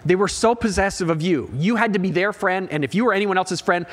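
A man's voice: high voice, lively intonation, a little fast, slightly rough. A middle-aged pastor preaching with a slightly raised, light voice. He talks earnestly and directly, leaning on "guys" as he presses his point home. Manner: earnest and direct, often addressing listeners as "guys". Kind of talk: midweek sermon.

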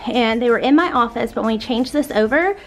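A woman's voice: on the high side, brisk, faint music behind. Chatty woman, upbeat vlog. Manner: chatty and upbeat, with frequent fillers. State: a little out of breath. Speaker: homeschooling mom vlogger. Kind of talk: casual home tour vlog.

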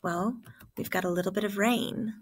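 A woman's voice: mid-range voice, unhurried, breathy edge. A woman teacher giving an online classroom lesson and walking students through examples step by step.

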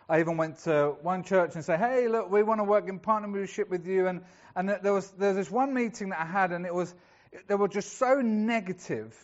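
Chatty high-voiced male preacher. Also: a little fast, lo-fi sound. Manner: chatty storytelling, acting out voices of characters. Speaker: pastor. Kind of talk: sermon.

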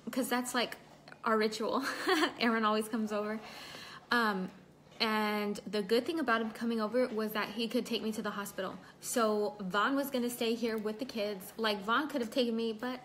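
Hosting a livestream from home, a young woman with a fairly high, fairly bright voice tells a personal story in a chatty way, breaking off to read comments aloud and to greet and thank her viewers. A little hiss or hum is audible.

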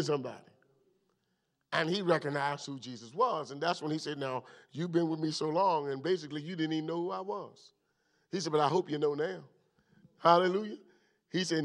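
Animated high-voiced preacher man. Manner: animated preacher, swings from loud bursts to low asides. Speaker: pastor. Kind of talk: Bible study teaching.

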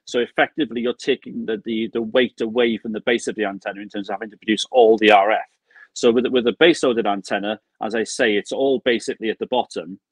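A man's voice: on the low side, steady tone, fast, husky, no room sound, low-quality recording. A man with a British accent, a guest on a talk show, patiently explaining technical ideas in casual chat. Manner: explains patiently, gestures while talking.

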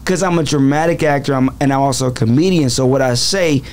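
A man's voice: medium pitch, quick pace, a little mellow. A man who is an actor and comedian, telling stories as a guest in a casual interview with a dramatic, self-aware manner.

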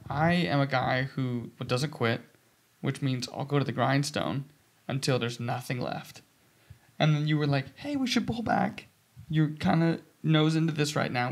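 A man in his twenties chatting casually as a podcast co-host. His voice sits a little high and has a gravelly edge. He tells stories with animated, acted-out dialogue. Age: 20s. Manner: animated storytelling, acting out quoted dialogue. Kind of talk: casual chat.

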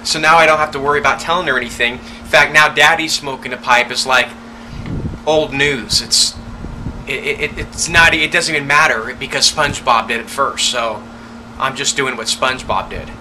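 Animated storytelling dad, bright voice. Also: male voice, medium pitch, moderate pace, a little hiss or hum, rough recording. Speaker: father and pipe smoker. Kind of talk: casual storytelling vlog.

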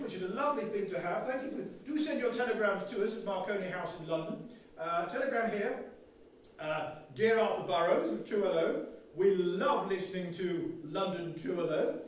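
A man's voice: high voice, natural voice. A man playing an earnest, fussy 1920s radio announcer in a comic one-man stage play, with a pompous, formal manner. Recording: echoey hall, far from mic.

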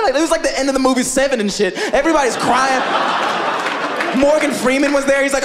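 A man telling a story on stage as a stand-up comedian, animated and full of "like", laughing through his lines. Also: very high-pitched, a little fast. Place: comedy stage before a live audience. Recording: live audience crowd noise. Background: audience laughter.

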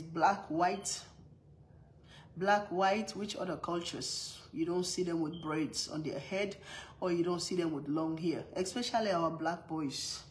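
A woman's voice: lowish voice, darkish tone, slight background noise, rough recording. Chatty mother with a strong accent. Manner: chatty, laughs often, greets viewers by name; strong non-native accent. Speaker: mother livestreaming to viewers. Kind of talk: casual live-stream chat.

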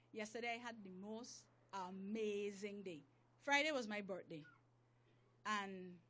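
A woman giving a motivational church talk, telling a personal story with animated delivery, acting out her prayers as dialogue and speaking in informal, loose grammar. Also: sits high. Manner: informal grammar, drops verb endings.

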